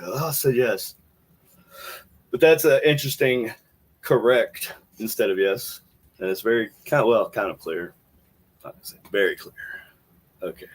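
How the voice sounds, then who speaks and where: A man's voice: mid-range voice, fairly bright tone. Rambling male podcast host. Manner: rambling, thinking aloud with restarts. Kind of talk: casual commentary while playing clips.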